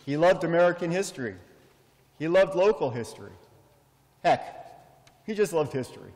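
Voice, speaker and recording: A middle-aged man giving a heartfelt funeral eulogy for his father, measured and full of storytelling pauses. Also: on the high side, lively intonation, darkish tone. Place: memorial service in a large hall. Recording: long hall reverb.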